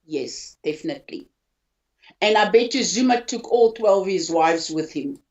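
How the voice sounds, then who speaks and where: An older woman from South Africa telling of her own hospital ordeal in a halting, emotional way, often repeating words. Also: fairly low pitch, expressive. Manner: halting, repeats words, voice rising when upset. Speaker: interviewee, hospital patient. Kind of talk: emotional personal account. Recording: dull lo-fi audio.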